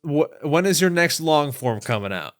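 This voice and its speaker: A man's voice: fairly high pitch, big pitch swings, moderate pace. A man hosting a podcast, chatting casually with a guest and signing off in an upbeat, friendly way. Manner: friendly, upbeat sign-off banter. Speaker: podcast host.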